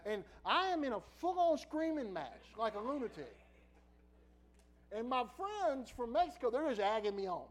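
A middle-aged man preacher telling a personal story in a sermon, laughing often and swinging from quiet asides to loud bursts. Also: extremely high pitch, big pitch swings, normal speed, low-quality recording.

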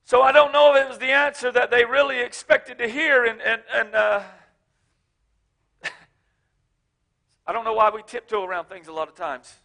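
A man preaching a sermon as pastor, swinging from shouted emphasis to low, joking asides. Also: moderate pace, pauses often. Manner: casual, joking, speaks of his wife.

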